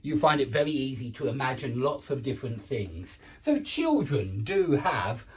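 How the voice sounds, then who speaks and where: A man's voice: mid-range voice, sing-song, moderate pace, distant mic. A man teaching an English lesson, explaining patiently and checking in with "yeah?" as he goes. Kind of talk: online language lesson.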